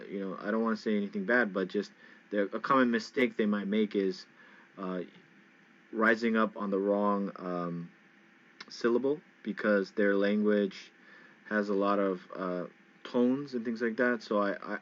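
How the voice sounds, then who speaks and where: In a relaxed pronunciation class, a man whose voice is on the low side and a bit bright slowly draws out example words and keeps checking in with "okay?" and "right?". It's a lo-fi recording.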